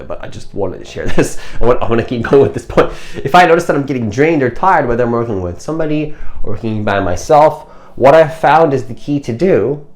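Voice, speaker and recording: A man's voice: mid-range voice, a little mellow. A man giving a motivational self-help monologue as a coach, earnest and rambling, often restarting and repeating his points. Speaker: manifestation coach.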